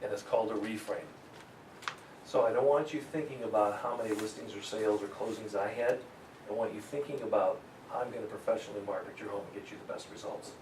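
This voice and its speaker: A man teaching a real estate sales seminar to a live audience, energetic and joking, often laughing at his own stories. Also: fairly low pitch, fast, a little hiss or hum. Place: meeting room with a live audience. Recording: echoey room, mic far off.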